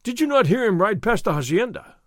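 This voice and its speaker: A man voicing a loud, bullying soldier sergeant who blusters and threatens, in an audiobook reading. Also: sits high, sing-song, brisk, dry recording, studio quality, voice pushed up, exaggerated voice. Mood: blustering.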